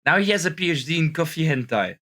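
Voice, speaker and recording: A man's voice: a little high, animated, fast talker, bright, forceful tone. A young man doing comedic reaction commentary as a streamer in a put-on French accent that slips toward American, sounding tired and exaggerated, with stammering restarts and crude asides. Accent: put-on French accent, slipping toward American.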